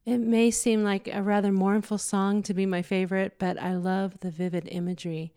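A woman on a podcast sharing a gentle, thoughtful reflection on her favorite song. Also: mid-range voice, flat delivery, normal speed, smooth. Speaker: podcast contributor.

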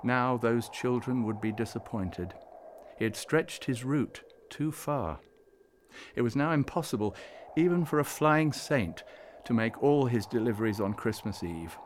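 A man reading a storybook aloud in scripted narration, measured and gently expressive. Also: medium pitch, slight background noise.

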